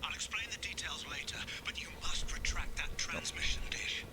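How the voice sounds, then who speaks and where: A man's voice: fairly high pitch, moderate pace, bright, forceful tone, rough recording. An actor playing a panicked male scientist who hides and whispers urgently in video game dialogue.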